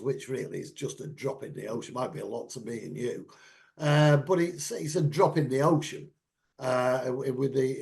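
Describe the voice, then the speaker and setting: A man's voice: medium pitch, vocal fry. A man talking in rambling, opinionated casual chat, sometimes acting out other people's voices. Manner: rambling, animated, acts out voices.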